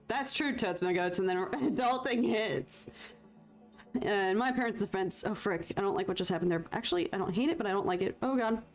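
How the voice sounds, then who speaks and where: Chatty young woman streamer, faint music. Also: medium pitch. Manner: rambling, self-deprecating, mild swearing substitutes. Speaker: live-stream painter. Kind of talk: casual live-stream chat.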